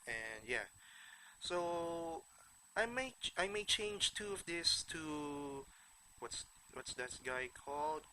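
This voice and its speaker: Nasal man with a bright voice. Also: a little high, expressive, slight background noise, poor audio. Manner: halting, restarts words often. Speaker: card game vlogger. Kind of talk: casual deck walkthrough.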